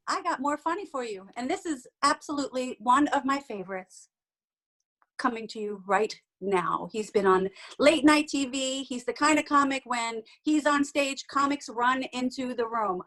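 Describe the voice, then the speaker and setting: High-voiced, enthusiastic woman host. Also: fairly bright tone. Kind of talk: introducing comedians on a livestream.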